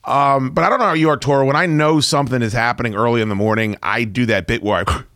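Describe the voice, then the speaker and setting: Loud, profane male talk radio host. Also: medium pitch, fast talker, no echo, studio quality. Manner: loud, profane, laughing rants.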